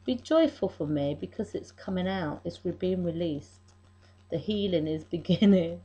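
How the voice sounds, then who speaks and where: A middle-aged woman talking in a personal faith video diary, emotional and halting, often restarting her sentences. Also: fairly low pitch, lively intonation, mellow, husky, low-quality recording. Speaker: vlogger.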